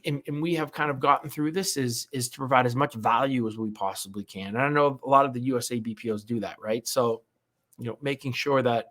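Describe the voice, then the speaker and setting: A man's voice: mid-range voice, a bit bright. A man hosting a podcast, talking casually on his own, rambling, repeating words and asking "right?" again and again. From United States. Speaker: podcast host. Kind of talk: casual solo commentary.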